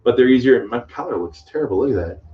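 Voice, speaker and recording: A man coaching on credit repair in a live question-and-answer stream, blunt and emphatic, rambling between points with sudden loud outbursts. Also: medium pitch, expressive, fast. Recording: distant mic, dull muffled sound.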